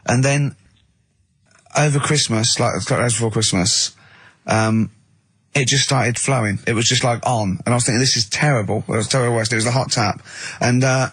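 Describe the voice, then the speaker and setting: A man's voice: medium pitch, fairly even intonation, moderate pace, a bit bright, breathy edge, no echo. A man co-hosting a comic radio show, spinning rambling anecdotes and acting out both sides of each conversation. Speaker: radio co-host. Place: radio studio.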